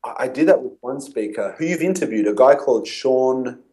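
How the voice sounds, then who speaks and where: On a rough recording, a guest copywriter in an interview talks a little fast, his medium-pitched voice animated yet mellow. He tells stories and acts out conversations from his past.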